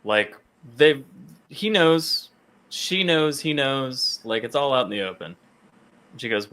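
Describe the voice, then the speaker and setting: Guy gushing about a comic on a podcast, swears a lot, reads quotes out loud. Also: mid-range voice, measured pace. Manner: excited, swears often, reads quotes aloud. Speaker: podcast co-host. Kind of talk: casual comic book discussion.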